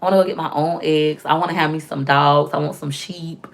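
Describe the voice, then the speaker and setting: Chatty young woman with a gravelly voice. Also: deep voice, fairly quick. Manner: chatty, animated storytelling with slang and asides. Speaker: vlogger. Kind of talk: casual chat to camera.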